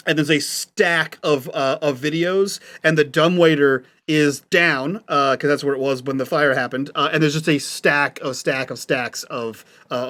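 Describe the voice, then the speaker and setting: A man as game master, narrating scenes in a halting way with many ums and uhs. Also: mid-range voice, fairly bright tone.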